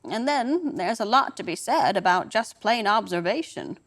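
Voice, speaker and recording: A woman's voice: mid-range voice, animated, moderate pace. An older woman performing a wry, dramatic storytelling monologue on a theatre stage.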